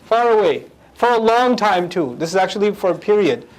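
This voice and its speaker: A man teaching a lecture on the language of the Quran, animated and humorous, acting out quotes. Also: sits high, fairly quick, rough recording.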